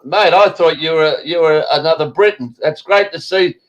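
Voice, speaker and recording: A man's voice: on the high side, normal speed, dull audio. An Australian man hosting an online talk show, ranting bluntly and swearing heavily. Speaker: show host.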